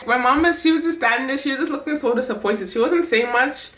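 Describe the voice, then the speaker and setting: A woman's voice: sits high, brisk, bright, forceful tone, reverberant. A woman, telling a personal story in a storytime vlog and acting out her own past words with growing emotion. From Canada. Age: 20s. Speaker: vlogger.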